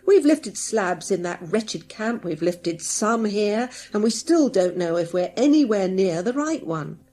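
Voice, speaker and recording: A woman's voice: mid-range voice, animated, a little slow, dark tone, close to an everyday voice. A woman reading an audiobook, voicing a weary male henchman who grumbles. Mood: fed up.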